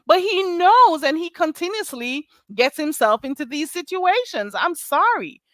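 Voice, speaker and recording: A woman's voice: very high voice, big pitch swings, measured pace, a bit bright, no echo. A woman hosting a casual livestream, talking bluntly and animatedly with bursts of laughter. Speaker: livestream host.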